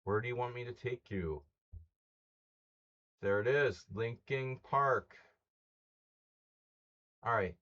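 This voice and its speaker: A man chats casually on a live stream, wry and quick with a joke. He greets viewers and reels off rules in an easy, everyday voice. His audio is a little dull and lo-fi. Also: mid-range voice. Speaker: chess streamer hosting a simul.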